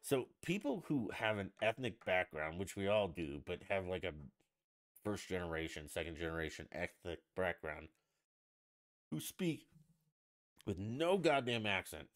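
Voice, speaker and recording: A man's voice: low voice, very animated, unhurried, fairly bright tone. A man hosting a stream in a casual, blunt rant, swearing freely. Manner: profane, blunt, ranting. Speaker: livestream host. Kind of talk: casual ranting chat.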